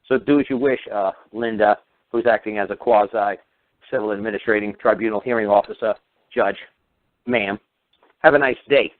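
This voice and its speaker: A man's voice: fairly low pitch, moderate pace, no room sound. A man lecturing on a radio talk show in a combative, mocking and crude way. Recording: tinny phone-line radio audio.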